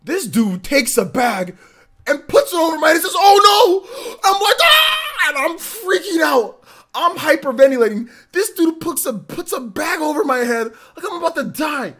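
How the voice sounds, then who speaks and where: Animated man telling stories on a live stream. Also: very high voice, moderate pace. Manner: animated storytelling, shouting when excited. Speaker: livestream host. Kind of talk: casual live-stream chat.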